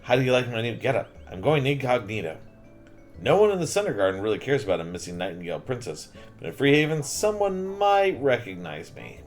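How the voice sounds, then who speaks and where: A man's voice: medium pitch, big pitch swings, a little fast, soft background music, pitched above the performer's own voice, natural voice. A man reading the lines of a young princess travelling in disguise in a video game. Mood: conspiratorial. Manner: read aloud from game text.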